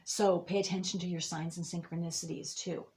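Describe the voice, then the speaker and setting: A woman's voice: on the low side, little pitch movement, brisk, darkish tone, slight background noise. Meandering woman giving an intuitive reading. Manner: meandering, rambling with many fillers and restarts. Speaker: astrology and tarot reader. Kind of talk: monthly intuitive reading to viewers.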